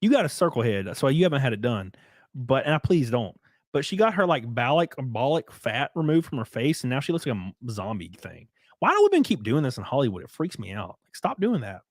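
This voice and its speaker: A man's voice: mid-range voice, sing-song, brisk, no room sound, clean studio sound. A man hosting a casual livestream, crude, joking and rambling. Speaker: livestream host.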